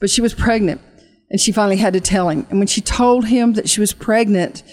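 A woman ministry leader telling an emotional testimony and leading an altar call, speaking earnestly with halting restarts and a fervent preaching cadence that slows for emphasis. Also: mid-range voice, a little mellow.

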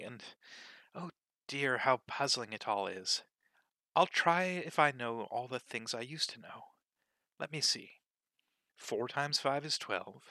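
A man's voice: medium pitch, bright, forceful tone, no echo, full character voice. A man doing a flustered little girl. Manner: wondering, fretful talking to herself. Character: curious, easily flustered young girl.

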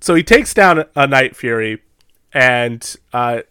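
A young man co-hosting a podcast, telling a story in a casual, animated way with plenty of laughs. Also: mid-range voice, slow, clear, resonant tone, no echo, clean studio sound. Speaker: podcast co-host. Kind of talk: casual chat.

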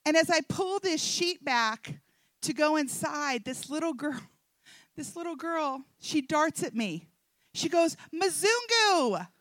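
Middle-aged woman speaker, high and bright, dry close sound, animated storyteller acting out every voice. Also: a little slow, dry recording. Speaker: speaker at a Christian event. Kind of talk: humorous testimony talk to an audience.

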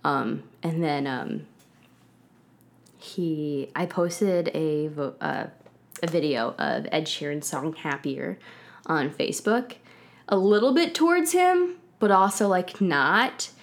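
Low-voiced chatty young woman guest. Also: takes it slowly. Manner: chatty, heavy use of "like" and "um". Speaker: podcast guest, actor. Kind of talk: casual storytelling interview.

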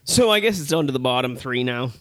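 A man co-hosting a casual movie review chat, ranting with animated, profane exasperation. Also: medium pitch, fast talker.

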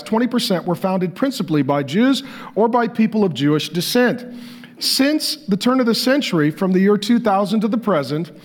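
A male pastor delivering a sermon, reading facts aloud and breaking into animated, joking asides. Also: high voice. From Irish descent.

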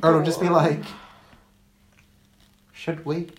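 A woman on a casual podcast, sardonic and quick to swear, breaking into laughs. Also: deep voice, little pitch movement, a crowd in the background. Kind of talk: casual group chat. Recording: echoey room.

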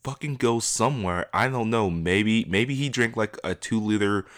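Very deep-voiced man chatting casually. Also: moderate pace. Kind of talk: casual chat.

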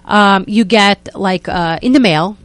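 A woman's voice: mid-range voice, a little slow. A woman in her thirties with an Israeli accent, a radio show guest explaining her background earnestly, with frequent hesitations. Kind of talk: radio interview.

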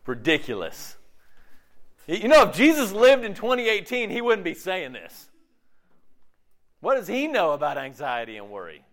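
A man's voice: high-pitched, normal speed, long pauses. A man preaching a sermon in a conversational style, often checking in with the listeners and acting out his own inner dialogue. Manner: animated, conversational preaching with frequent "okay?" check-ins; acts out inner dialogue in shifting voices. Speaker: pastor.

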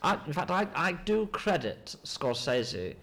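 A man, an actor in a mock interview, rambling and hesitant with a deadpan delivery. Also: a little high, a little slow.

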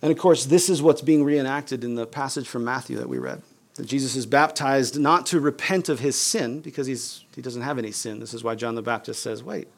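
Gravelly, casual-talking male pastor. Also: mid-range voice, animated, a little fast. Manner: conversational, casual with fillers like "you guys" and "like". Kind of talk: sermon.

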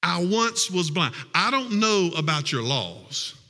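A man's voice: high-pitched, sing-song, slow pace, pushed and bright, in a large hall, exaggerated voice. A preacher playing a jubilant healed blind man.

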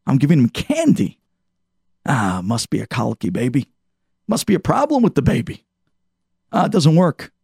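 A man's voice: medium pitch, wildly swooping pitch, normal speed, creaky, long pauses, darkish tone, slightly rough, no room sound, clean studio sound, pitched below the performer's own voice, heavily acted. A man doing a clueless cocky young babysitter. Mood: fretful. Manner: breezy, dismissive.

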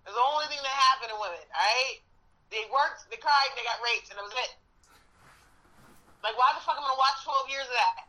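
A man's voice: extremely high pitch, brisk, long pauses, bright, forceful tone, rough recording. Blunt, opinionated man ranting. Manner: blunt, opinionated, heavy swearing. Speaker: podcast co-host. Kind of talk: casual chat.

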